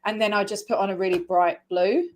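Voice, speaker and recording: A woman's voice: medium pitch, fairly even intonation, brisk. A woman from Scotland who now speaks with an English accent, hosting a casual video interview in a chatty, rambling way with frequent laughter. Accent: English, faded Scottish. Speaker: host.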